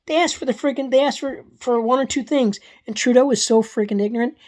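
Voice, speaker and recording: A woman's voice: fairly high pitch, quick pace, a little mellow. A woman delivers a heated, profane political rant in a casual vlog, repeating herself and restarting sentences. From Canada.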